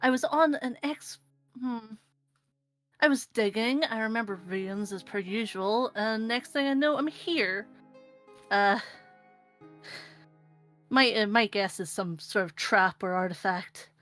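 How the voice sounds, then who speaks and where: A woman's voice: a little high, unhurried, long pauses, fairly bright tone, dry recording, soft background music. A woman playing a cheerful, bubbly young female adventurer who digs in ruins. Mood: chatty.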